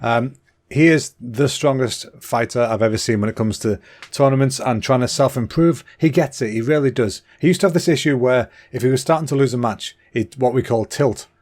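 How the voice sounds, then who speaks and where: A man in his thirties hosts a casual solo podcast, speaking at a typical male pitch and a fairly quick pace. He's excitable and rambling, a bit out of breath, with a slightly clogged throat, and his chatty talk is full of fillers and restarts.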